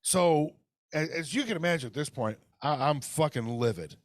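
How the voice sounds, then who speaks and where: Clean studio sound with no echo captures a podcast co-host whose voice sits a little high. He keeps a normal speed and lively intonation while telling a heated, profane story in casual ranting chat, performing the phone calls himself.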